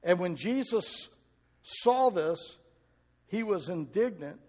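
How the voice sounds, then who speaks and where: A man's voice: high voice, lively intonation, slow, darkish tone, in a large hall. A male pastor preaching a sermon, talking to the congregation in a conversational way and asking it questions.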